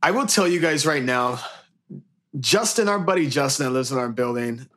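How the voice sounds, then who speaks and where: A man's voice: medium pitch, animated, normal speed, fairly bright tone. A man co-hosting a podcast, chatting in a playful, joking way. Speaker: podcast co-host, bartender. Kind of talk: casual chat.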